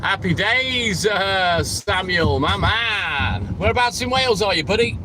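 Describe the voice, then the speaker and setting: Chatty English man over loud outdoor noise. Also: high voice, lively intonation, measured pace. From England. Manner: chatty, matey, reads out viewer comments. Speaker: livestreaming milkman. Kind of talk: casual live-stream chat.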